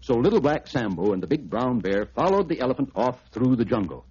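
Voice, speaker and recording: A man's voice: medium pitch, very animated, fairly quick, darkish tone. A man narrating a children's storybook record in a playful, sing-song manner. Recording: dull lo-fi record with music.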